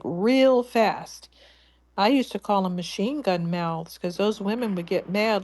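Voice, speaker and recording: A woman's voice: medium pitch, a little mellow. A woman in a casual panel chat, describing things in a matter-of-fact way.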